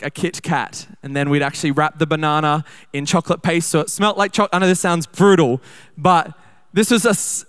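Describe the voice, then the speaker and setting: Young man, preacher, high voice, smooth clear tone, chatty sermon, slows for scripture. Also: fairly bright tone. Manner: conversational, quick bursts, slows to read scripture. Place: church service.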